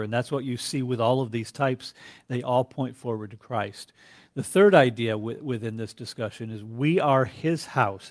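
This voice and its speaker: A man teaching a classroom Bible lecture, reading scripture aloud and quizzing his class in an earnest, deliberate way. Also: medium pitch, darkish tone, no echo, studio quality.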